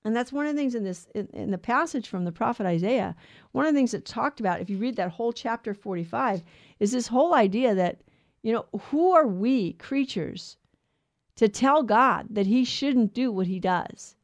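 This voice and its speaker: A woman hosting a radio Bible show, teaching on scripture in an earnest, emphatic way with quick restarts. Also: fairly high pitch, expressive, no room sound.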